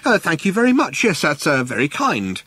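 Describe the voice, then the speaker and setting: Brief: flustered, fussy council official, male, middle-aged, hesitant and uh-filled, pitched well up and bouncing about, voiced by a male reader. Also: wildly swooping pitch, moderate pace, pushed and bright, slightly rough, dry recording, full character voice. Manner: hesitant, stammering with many uhs.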